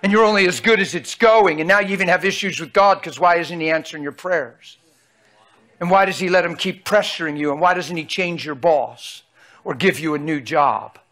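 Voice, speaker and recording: A preacher with a high, bright voice delivers a lively sermon in a folksy, emphatic way. He keeps checking in with his listeners, pressing each point home. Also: moderate pace. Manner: emphatic, calls out to the audience, folksy.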